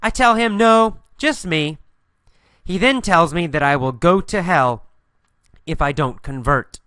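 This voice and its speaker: Guy teaching a mini story lesson, bright tense-ish voice, dry close sound, says everything twice real clear. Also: fairly high pitch, very animated, no echo. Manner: repeats lines slowly and clearly for learners. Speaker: English teacher. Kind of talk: guided story narration with instructions.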